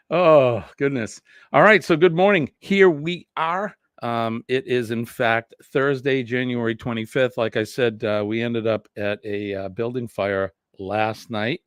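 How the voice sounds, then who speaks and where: A man's voice: mid-range voice, steady tone, takes it slowly, clear, resonant tone, no room sound, studio quality. A man, chatting casually with viewers as host of a morning live stream, rambling and reading comments aloud. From New England. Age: 50s.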